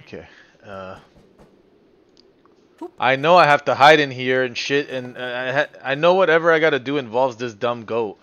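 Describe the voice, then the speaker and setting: A man's voice: mid-range voice, normal speed, pauses often, a bit bright, muffled recording. A man streaming a game live, frustrated, cursing at the puzzle and talking back to chat. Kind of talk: live-stream gameplay commentary.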